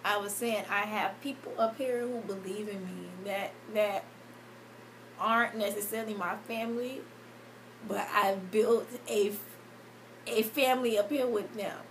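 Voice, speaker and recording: Vlogger, young woman, tearful and halting, slow delivery, faint room noise behind. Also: mid-range voice, steady tone, low-quality recording. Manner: halting, emotional, many fillers and restarts. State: tearful, crying. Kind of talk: emotional storytime vlog.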